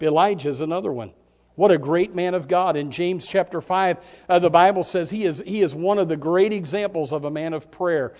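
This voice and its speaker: A man preaching a sermon, swinging from hushed, almost whispered lines to shouted climaxes, repeating words in bursts. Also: fairly high pitch, moderate pace.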